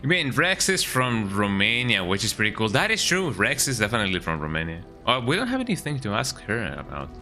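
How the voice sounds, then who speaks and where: Young male streamer, casual rambling chat, animated bright delivery, music underneath. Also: on the low side, fairly quick, hardly any pauses. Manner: rambling, says "eh" often. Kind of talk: casual chat while gaming.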